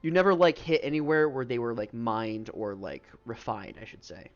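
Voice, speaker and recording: A man's voice: medium pitch, normal speed, dull audio. A man running a live-streamed tabletop game as game master, talking loosely with lots of "um" and "like". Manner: loose and rambling, full of "um" and "like".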